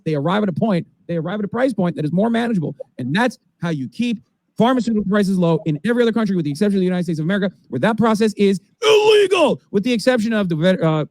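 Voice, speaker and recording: Man, thirties, political streamer, emphatic sarcastic rant, high voice, dry close sound. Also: warm tone, no echo. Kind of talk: animated commentary rant.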